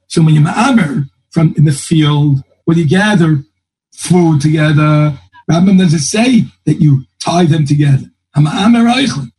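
A man's voice: fairly high pitch, mellow, slightly rough, poor audio. A man teaching a Talmud class, thinking aloud and quoting texts in a lilting singsong. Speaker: Torah teacher.

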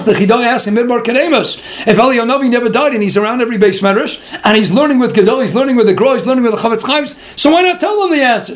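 Very high-pitched man teaching Torah. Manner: lively storyteller who acts out quotes. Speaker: rabbi teaching a Torah class. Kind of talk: animated Torah lecture.

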